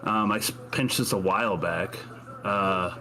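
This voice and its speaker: A man's voice: low-pitched, a little slow. Man animatedly narrating his character's actions. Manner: animated storytelling. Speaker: player.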